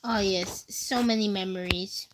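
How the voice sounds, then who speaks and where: A woman's voice: medium pitch, fairly even intonation, measured pace, slight background noise, rough recording. A young woman streaming a game, chatting casually with her chat and reacting to what happens on screen. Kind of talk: casual gaming livestream chat.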